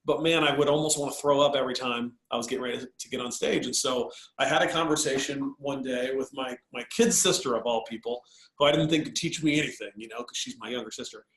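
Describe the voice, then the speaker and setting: A man tells a personal story to a host in a relaxed, animated way. His voice sits mid-pitched and he leans on easy fillers. The room around him rings a little. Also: quick pace, roomy sound, poor audio. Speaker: guest speaker. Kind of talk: casual storytelling.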